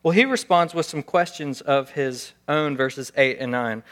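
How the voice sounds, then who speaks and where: A man's voice: a little high, measured pace, few pauses, a bit bright. A male pastor giving a conversational sermon, acting out little scenes as he preaches. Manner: conversational, acts out scenes with raised voice.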